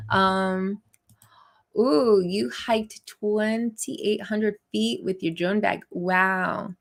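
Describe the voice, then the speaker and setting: A woman's voice: medium pitch, vocal fry, a bit bright. A woman hosting a live stream, chatting casually with viewers and laughing often. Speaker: livestream host. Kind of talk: casual live chat reading viewer comments.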